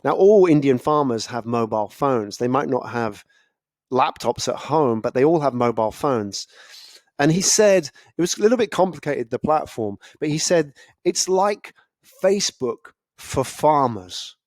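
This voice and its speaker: A man giving a casual, animated talk about storytelling, often acting out other people's reactions. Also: medium pitch, measured pace, dry recording, studio quality. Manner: animated, acts out listeners' reactions. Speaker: speaker on storytelling.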